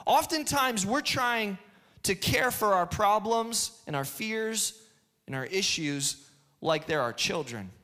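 High, bright-voiced man preaching a sermon. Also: takes it slowly. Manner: animated storytelling, restarts, shouts in excitement. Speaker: pastor. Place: church hall before a congregation.

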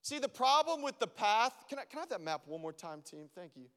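A man preaching a sermon as a pastor, animated and acting out his own prayers to God. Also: high voice, brisk. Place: church. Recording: long reverb of a church hall.

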